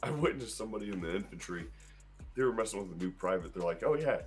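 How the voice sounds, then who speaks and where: A man's voice: low-pitched, fast, faint music behind. A man chatting casually, telling a joking story and laughing as he goes. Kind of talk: casual chat.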